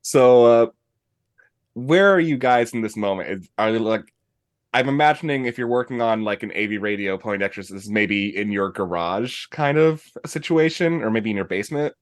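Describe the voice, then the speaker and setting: A man narrating a tabletop game as game master in a relaxed, playful way. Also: lowish voice, moderate pace, no room sound, clean studio sound.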